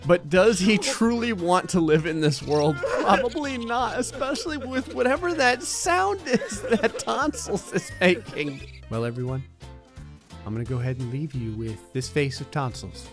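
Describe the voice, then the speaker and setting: A man giving sarcastic, comedic commentary over a life-sim game, often jumping into silly high voices. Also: expressive, normal speed, over music. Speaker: gaming channel host.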